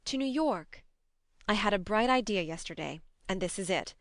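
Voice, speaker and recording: A woman reading an audiobook, voicing a spirited, impulsive young woman who speaks briskly. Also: medium pitch, lively intonation, no room sound, clean studio sound, close to an everyday voice. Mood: earnest. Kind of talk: audiobook narration.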